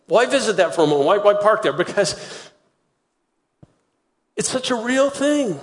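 A man preaching a sermon with a fairly high voice. He tells the story in an animated way and acts out the voices of the people in it. The long reverb of a big hall trails each phrase. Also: normal speed. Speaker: pastor.

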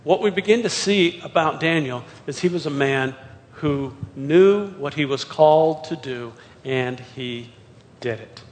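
A man with a high voice preaches a sermon, moving through scripture verse by verse. He asks pointed rhetorical questions as he goes. His voice rings out with a long reverb tail, as if from a large hall. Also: measured pace. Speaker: pastor.

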